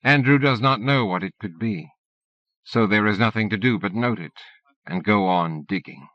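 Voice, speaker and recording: A man reading an audiobook in a steady, measured narration. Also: lowish voice, no echo. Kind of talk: scripted narration. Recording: dull dry cassette-era audiobook recording.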